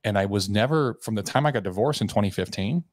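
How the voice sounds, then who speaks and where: Man, from Tennessee, podcast guest, low voice, dry recording, candid rambling storytelling, acts out quoted dialogue. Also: fast, dry recording. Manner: rambling with fillers and restarts, acting out quoted dialogue.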